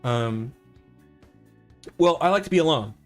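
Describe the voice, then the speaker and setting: A man's voice: a little high, expressive, a little slow, soft background music. A middle-aged man streaming gameplay, chatting casually and telling a rambling, self-deprecating story full of "like" and restarts. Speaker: live streamer. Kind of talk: casual live-stream chat over gameplay.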